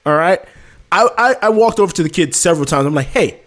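Brief: man, slightly high voice, lively storyteller, acts out exasperated dialogue. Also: quick pace. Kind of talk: casual storytelling chat.

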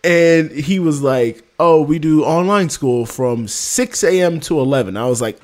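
Brief: man, slightly high voice, lively storyteller, acts out exasperated dialogue. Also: slow pace. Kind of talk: casual storytelling chat.

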